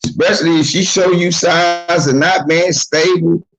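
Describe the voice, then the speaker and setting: A man's voice: on the high side, fairly even intonation, unhurried, vocal fry, soft background music, poor audio. A man giving blunt, profane, streetwise advice in a casual monologue, acting out the voices of the people he talks about. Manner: acts out quoted voices of others.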